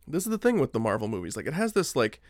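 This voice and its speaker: A man's voice: mid-range voice, wildly swooping pitch, very fast, no echo, clean studio sound. A man co-hosting a podcast, chatting casually about movies and rambling with lots of filler words. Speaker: podcast co-host.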